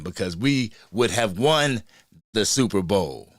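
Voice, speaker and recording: A man hosting a sports fan livestream in a casual, hyped way, shouting out people in the chat. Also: lowish voice, expressive, slow, no echo, studio quality. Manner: hyped, shout-outs to chat, frequent slang.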